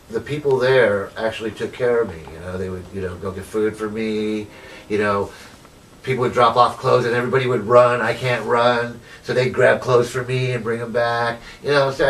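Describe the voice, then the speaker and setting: A man's voice: medium pitch, fairly bright tone, recorded from a distance, a little hiss or hum, low-quality recording. A formerly homeless man telling his life story in an interview, rambling with lots of "you know" and retelling what people said to him. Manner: rambling, full of "you know" and retold dialogue.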